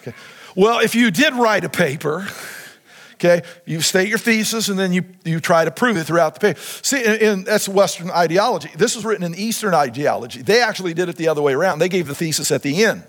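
A pastor preaching a sermon in a high, lifted voice. He keeps turning to the congregation with questions and prompts. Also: animated, fast, fairly bright tone. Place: church sanctuary.

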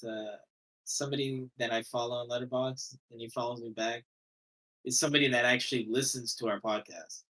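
A man co-hosts a film podcast in relaxed, casual talk. He teases his partner, giggles readily and restarts his sentences as he thinks aloud, at a mid-range pitch. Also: rough recording. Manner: giggly, teasing, halting restarts. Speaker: podcast co-host.

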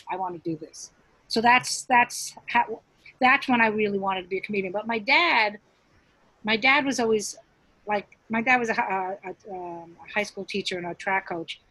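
A middle-aged woman comedian tells stories from her career in a loose, chatty way. Her voice is husky, and the sound is dry and close. She trips over her own starts and slips into quoted voices. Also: mid-range voice, a bit bright, no echo, low-quality recording. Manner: chatty, many restarts, acts out quotes. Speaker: stand-up comedian, interview guest. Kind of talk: casual interview storytelling.

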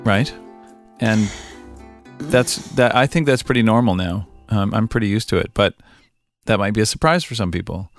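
A middle-aged man with a Canadian accent, hosting a casual podcast interview in a relaxed, chatty way. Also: on the low side, moderate pace, faint music behind. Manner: relaxed, chatty, with frequent ums and laughs. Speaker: podcast host.

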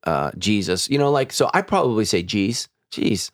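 Middle-aged male pastor, deep voice, casual podcast chat, stumbling restarts. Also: big pitch swings, a little fast, dry recording, studio quality. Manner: conversational, many restarts and stammers.

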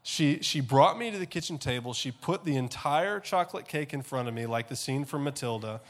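A man preaching a sermon that opens with a comic personal story. He is an animated storyteller who keeps checking in with "okay?" and often repeats words as he goes. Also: mid-range voice, fairly quick, a little hiss or hum. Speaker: pastor.

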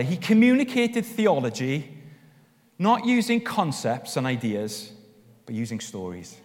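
Pastor preaching in a reverberant hall. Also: male voice, medium pitch. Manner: animated storytelling, rising with emphasis. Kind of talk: sermon. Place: church hall. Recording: long reverb of a church hall.

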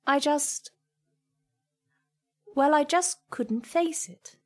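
A woman reading the lines of a grieving young man who speaks in a shaky, halting way. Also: high-pitched, voice pushed up. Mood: tearful.

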